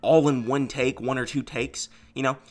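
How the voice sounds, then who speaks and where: A man's voice: medium pitch, fairly even intonation, normal speed. A man talking on a livestream in a casual, dismissive way. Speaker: streamer. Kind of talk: casual stream talk.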